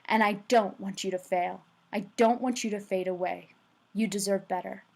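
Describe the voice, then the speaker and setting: A woman reading aloud, voicing an earnest, urgent middle-aged male teacher in a slightly lower, softer, halting voice. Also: steady tone, creaky.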